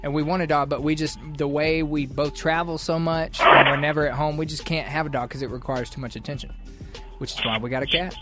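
A man's voice: fairly high pitch, steady tone, fairly quick, over music. Playful male radio host. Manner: joking, playful. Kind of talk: radio morning show banter.

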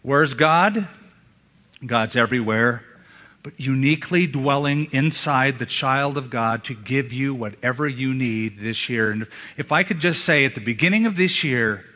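A male pastor preaching a sermon in a church, emphatic, with dramatic pauses and hushed drops. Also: mid-range voice. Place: church sanctuary. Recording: long hall reverb.

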